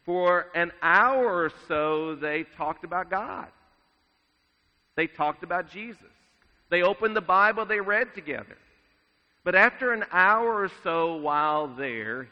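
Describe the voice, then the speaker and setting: A man preaching a sermon in a measured way, dropping his voice to a hush at solemn moments. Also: fairly high pitch. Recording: dull sound with long reverb in a large hall.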